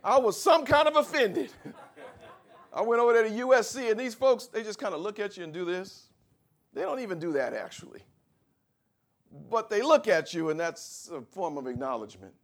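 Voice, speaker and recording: A man preaching a sermon in a lively, conversational way, acting out bits of everyday talk. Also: high-pitched, normal speed.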